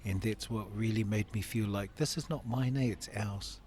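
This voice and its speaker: A man in his fifties speaks with a lowish voice, sharing candid personal stories as an interview guest. He laughs often and acts out other people's voices as he goes. A faint ambient hum sits behind him. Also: fairly even intonation, normal speed, darkish tone. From Samoan family. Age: 50s.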